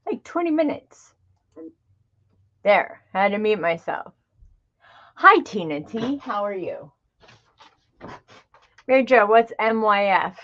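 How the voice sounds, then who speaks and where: A woman's voice: mid-range voice, expressive, slow, long pauses, a bit bright, highs cut off. A middle-aged woman hosting a craft livestream, chatting casually and greeting viewers by name. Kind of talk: casual live-stream chat.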